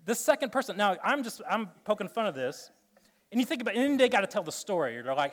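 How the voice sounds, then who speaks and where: A man preaching a sermon to a room of listeners, joking and acting out little scenes, then turning soft and earnest. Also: sits high, lively intonation, fast talker. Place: room with an audience.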